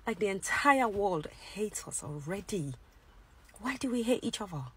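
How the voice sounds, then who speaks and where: A woman's voice: mid-range voice, expressive, normal speed, a bit bright, slightly rough. A woman from the UK, a mother, ranting in an exasperated, pleading way in a casual vlog. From United Kingdom.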